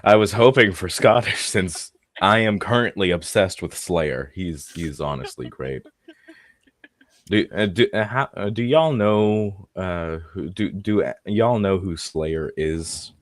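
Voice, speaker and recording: Brief: young man, very low voice, unhurried, dry close sound, halting and casual. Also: expressive, no room sound. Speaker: tabletop game player. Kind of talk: casual gaming chat.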